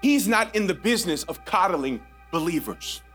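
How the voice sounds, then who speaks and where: A man with a high voice preaching a sermon. He is conversational and playful one moment and hushed or shouting the next, with faint music behind him. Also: big pitch swings, moderate pace. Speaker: guest preacher.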